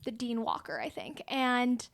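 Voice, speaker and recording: A young woman with a high voice, talking through a film recap in a loose, chatty way. She fills her sentences with "like" and jumps in with quick agreement. The sound is close and dry. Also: big pitch swings, creaky, no echo. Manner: chatty, uses lots of "like", quick agreeing interjections. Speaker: podcast co-host. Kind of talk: casual film recap chat.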